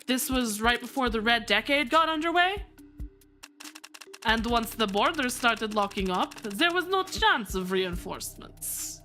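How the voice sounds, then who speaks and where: A probing interviewer from a story game, read by a woman, asking pointed questions in a plain manner. The voice is high and bright, with faint music underneath. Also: animated, normal speed, hardly any pauses.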